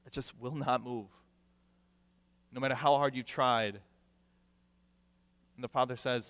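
A male pastor preaching a sermon with animated delivery, acting out the people he quotes and repeating words for emphasis. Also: medium pitch, a little slow, long pauses. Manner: animated, acts out quoted voices; repeats words when stressing a point. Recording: long reverb of a large hall.

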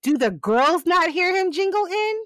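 A woman's voice: extremely high pitch, animated, normal speed, a bit bright, no room sound. A woman casually recapping a TV episode, acting out the characters' lines with lots of laughter. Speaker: podcast co-host recapping a TV episode.

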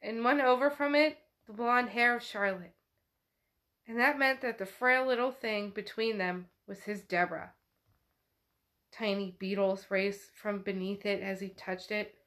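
A woman's voice: mid-range voice, fairly even intonation, a little slow, a bit bright. A woman casually retelling a novel chapter aloud, chatty and often laughing. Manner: chatty, laughing, uses "like" a lot. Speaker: book club host. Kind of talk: casual book recap.

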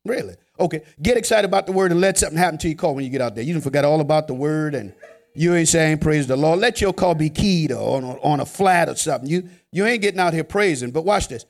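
High, animated joking male preacher. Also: quick pace. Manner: conversational, joking preaching with sudden swings from loud to hushed. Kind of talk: sermon.

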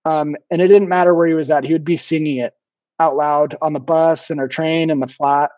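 A man's voice: a little high, steady tone, darkish tone, no echo. Man telling stories in a dull dry recording. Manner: halting, frequent ums and restarts. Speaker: podcast guest, former missionary. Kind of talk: casual interview storytelling.

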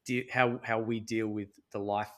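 A man talking as a podcast guest and coach, earnest and motivational, swearing casually in relaxed conversation. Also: fairly low pitch, normal speed.

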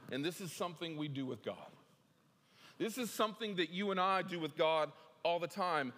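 A man preaching a sermon in a conversational way, repeating words as he goes and swinging between hushed passages and emphatic ones. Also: high-pitched, moderate pace. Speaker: pastor. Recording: echoey hall with long reverb.

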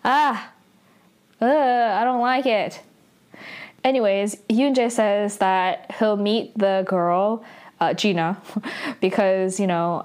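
A woman's voice: mid-range voice, slow, a little mellow. A young adult woman giving a casual, chatty recap of a drama episode, laughing often and filling her talk with "like" and "you know".

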